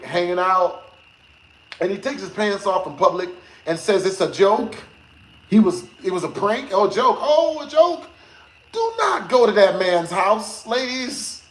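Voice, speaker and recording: A man streaming games who tells a story to his chat in a lively, slangy way, laughing often and swearing. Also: high voice, measured pace. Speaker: gaming streamer. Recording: echoey room with faint noise.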